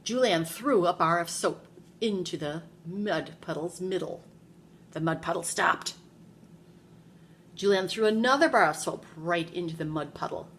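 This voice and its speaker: Reading a picture book to kids in her classroom, a preschool teacher tells the story with energy and asks the children questions. She has a lowish, slightly slow voice, and a little hiss or hum can be heard.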